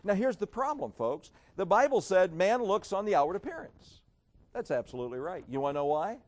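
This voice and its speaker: A man preaching a sermon in an emphatic, sarcastic way, dropping to a hush and then rising again. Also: sits high, big pitch swings, brisk. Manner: emphatic, sarcastic, swings between loud and hushed.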